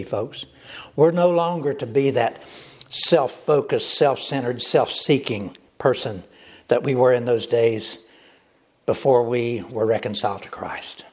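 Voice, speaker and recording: A man's voice: medium pitch, darkish tone. A male pastor preaching a sermon, emphatic and repetitive, speaking directly to the congregation.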